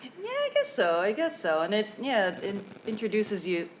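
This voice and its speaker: A woman co-hosting a podcast in casual chat, chatty and teasing, with quick asides. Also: medium pitch, wildly swooping pitch, slight background noise. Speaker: podcast co-host.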